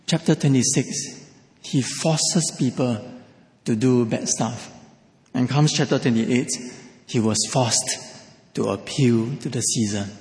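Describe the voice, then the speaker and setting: A man's voice: medium pitch, darkish tone. A man preaching a sermon, emphatic and repeating key phrases. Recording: echoey hall.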